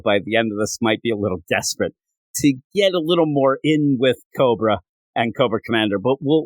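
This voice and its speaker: A man hosting a casual comic review, retelling scenes with quick character voices. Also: mid-range voice, dry recording. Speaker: comic book podcast host.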